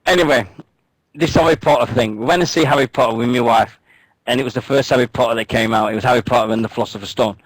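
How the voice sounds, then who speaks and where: A man co-hosts a radio show in loose, joking banter. He swears freely and rambles through anecdotes at a mid-range pitch. The sound is dry and close. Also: fast talker, no room sound, rough recording.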